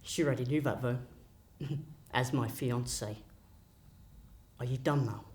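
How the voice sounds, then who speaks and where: A man speaks slowly and quietly, taunting and gloating in a low-key way. He sounds somewhat distant from the microphone. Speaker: acting student. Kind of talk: acted monologue.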